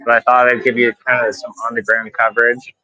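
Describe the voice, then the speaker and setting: Call-in guest, male, bright tense voice, offhand dry humor, dry close mic. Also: mid-range voice, completely flat delivery, quick pace, no echo, low-quality recording. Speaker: guest calling in from an event. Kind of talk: casual remote call-in chat.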